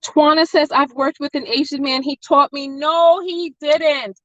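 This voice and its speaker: A woman's voice: high voice, fairly even intonation, unhurried, fairly bright tone, no room sound, muffled recording. Chatty woman hosting a mukbang livestream. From family from Nevis. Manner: chatty, storytelling, playful asides to chat. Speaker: mukbang host. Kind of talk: casual chat with live viewers.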